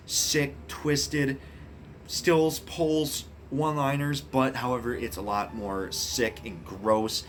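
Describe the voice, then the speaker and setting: A man casually ranking horror films, speaking bluntly, swearing often and getting excited about what he likes. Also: medium pitch, slow pace, a little hiss or hum. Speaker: movie reviewer. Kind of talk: casual film ranking monologue.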